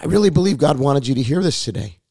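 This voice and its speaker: A middle-aged man preaching and praying aloud as a pastor, fervent and repetitive, his voice hoarse and raspy. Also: a little high, animated, fast, a little mellow, no room sound, clean studio sound. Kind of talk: sermon and prayer.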